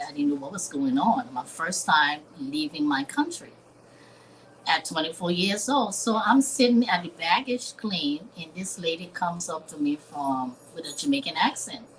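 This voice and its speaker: A woman's voice: fairly low pitch, a bit bright, a little hiss or hum, low-quality recording. A woman from Liberia in her fifties, a chef telling a personal story in a live interview with an earnest, dramatic manner. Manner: earnest, dramatic, acts out quoted voices. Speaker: chef guest.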